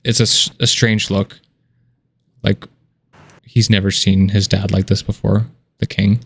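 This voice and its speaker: A man runs a tabletop game, describing the scene in a casual, loose way full of fillers. His voice sits low with a gravelly rasp. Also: level tone, unhurried. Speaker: game master.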